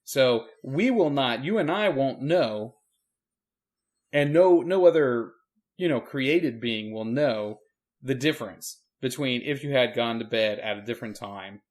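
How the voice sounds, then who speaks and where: A man co-hosting a podcast in casual chat, calm and reflective, often giving short replies. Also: mid-range voice, measured pace. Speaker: podcast co-host.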